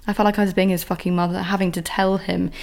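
Exasperated gravelly woman ranting. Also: on the low side, little pitch movement, fast talker, a little mellow. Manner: exasperated, ranting, heavy swearing. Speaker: podcast host. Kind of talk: candid solo monologue.

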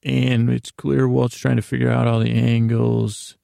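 Male podcast host, gravelly and mellow, meandering casual recap, dry close sound. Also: mid-range voice, level tone, measured pace, no echo. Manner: meandering, self-correcting, reads his notes aloud.

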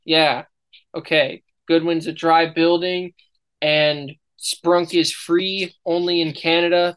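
A man's voice: a little high, a bit bright, smooth. A man hosting a podcast in casual chat, teasing and rambling playfully. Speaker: podcast host.

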